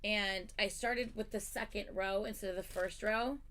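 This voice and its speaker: A woman's voice: mid-range voice, fairly even intonation, normal speed, a bit bright. A woman hosting a livestream, chatting casually and animatedly as she tells a story, swearing freely. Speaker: livestream host.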